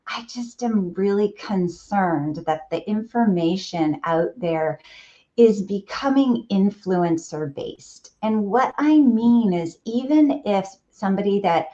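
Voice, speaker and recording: A woman's voice: medium pitch, lively intonation, slow, mellow. A middle-aged woman physician, speaking in an interview and explaining in an emphatic, earnest way. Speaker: physician guest. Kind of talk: conversational interview. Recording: dull lo-fi audio.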